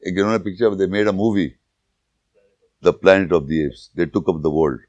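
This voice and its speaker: A man giving an informal religious lecture, telling jokes and anecdotes and pausing to search for words. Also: deep voice, a little mellow, no room sound, dull audio. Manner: anecdotal, joking, with searching pauses and restarts. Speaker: Islamic lecturer.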